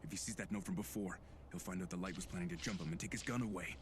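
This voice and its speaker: A man doing a tense undercover agent in an anime dub. He mutters his thoughts fast in a deep, low voice over faint music. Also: noisy background, lightly acted.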